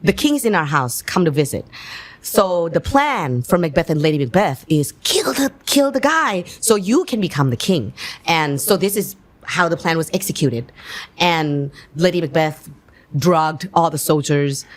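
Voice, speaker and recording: A woman from Thailand, speaking English as a guest actress, telling lively stories, laughing often and acting out scenes. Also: sits low, measured pace. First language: Thai. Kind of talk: animated storytelling in an interview.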